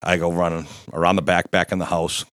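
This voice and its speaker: A man's voice: low voice, level tone, fast, a bit bright, no room sound, studio quality. A man in his fifties telling a rowdy, profane story in casual chat, laughing as he goes. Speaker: guest storyteller.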